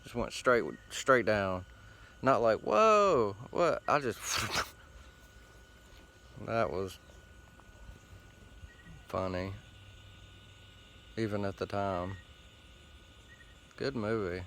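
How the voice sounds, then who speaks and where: A man's voice: lowish voice, steady tone, very slow, long pauses, fairly bright tone, slight background noise. A man hosting a show, rambling casually outdoors while sitting against a tree, with loose, profane, meandering talk full of fillers. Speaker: host.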